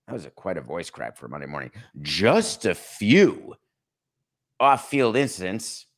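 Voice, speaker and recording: A man hosting a sports podcast, talking in a dry, mocking tone with deliberate pauses for emphasis. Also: fairly low pitch, very animated. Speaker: podcast host. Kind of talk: sarcastic sports commentary.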